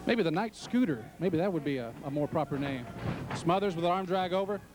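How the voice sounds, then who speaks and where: A man calling a wrestling match play-by-play, excited and joking. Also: on the high side, a little fast. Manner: excited, joking, shouts at big entrances. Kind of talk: play-by-play commentary.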